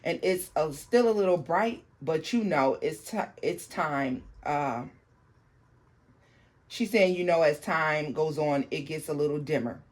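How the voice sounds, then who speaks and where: A host reads out a viewer's paranormal account in a halting way, often restarting sentences and breaking off to explain them to the audience. The voice sits at a middle pitch. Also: expressive. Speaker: tarot channel host. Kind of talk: reading a viewer's paranormal story aloud.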